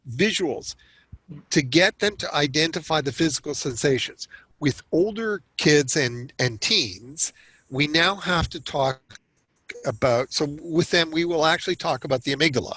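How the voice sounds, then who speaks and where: A man's voice: on the high side, moderate pace, a bit bright, slightly rough, no room sound, low-quality recording. An older man from Canada speaking as a guest expert, explaining in an earnest, conversational way and often restarting words when he stresses a point. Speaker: self-regulation expert guest.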